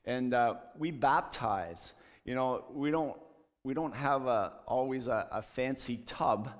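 A man's voice: medium pitch, slow pace. A man earnestly telling a ministry story in church, acting out the dialogue as he goes. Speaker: street ministry leader. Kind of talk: testimony talk in church. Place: church sanctuary. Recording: long church hall reverb.

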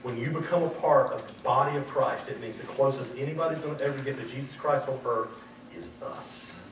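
A male pastor preaching a sermon in an animated, emphatic, folksy storytelling manner. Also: medium pitch, a little fast. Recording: echoey hall, distant mic, faint noise.

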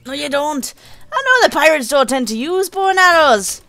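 A woman talks over her gameplay in a high voice, cursing freely and chatting to viewers. Her delivery swoops up and down, with a playful mock pirate lilt. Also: sing-song, moderate pace, sharp tone, no echo. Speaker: gaming channel host. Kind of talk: let's play commentary.

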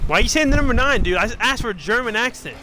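A young man streaming a game with a friend, excitable, swearing and laughing in casual banter. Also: very high voice, racing. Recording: game noise under voice chat.

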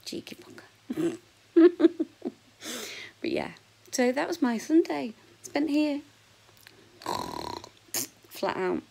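A woman in her forties with a husky voice, chatting frankly and jokily to camera in a casual vlog, sometimes dropping to a whisper. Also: high voice, big pitch swings, very slow, pauses often, mellow, low-quality recording. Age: 40s. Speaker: vlogger.

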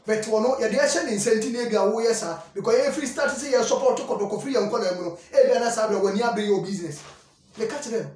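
A man's voice: sits high, quick pace, darkish tone. A man hosting a football talk show, commenting casually and animatedly, often repeating phrases and mixing in English words. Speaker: sports show host. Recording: echoey room, far from the mic.

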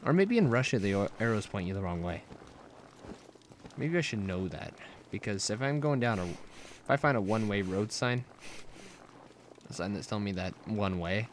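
A man narrating his own gameplay with jokey, self-mocking remarks. His voice is low but swings widely in pitch, with a faint hiss in the background. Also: expressive, normal speed, pauses often. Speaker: let's play host. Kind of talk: gameplay commentary.

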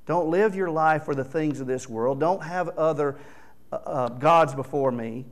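A man's voice: a little high, a little slow. A man preaching a sermon as pastor, earnest and exhorting, reading scripture aloud with rising emphasis.

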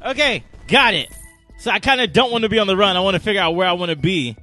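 Excitable young man narrating gameplay. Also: quick pace, soft background music. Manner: excitable, shouts and groans at the game, swings high and low. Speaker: gaming channel host. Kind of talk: let's play commentary.

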